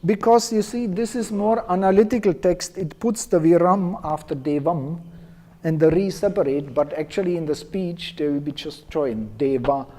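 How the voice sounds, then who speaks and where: A man teaching a class, explaining a text and leading students in slow call-and-response chanting. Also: high-pitched, dark tone, low-quality recording. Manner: explanatory, leads chant slowly for students to repeat. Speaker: Veda teacher.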